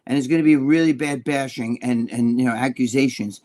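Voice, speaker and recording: Foul-mouthed, fast-talking older man. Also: medium pitch. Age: 60s. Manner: profane, animated storytelling. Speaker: co-host. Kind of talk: casual live-stream chat.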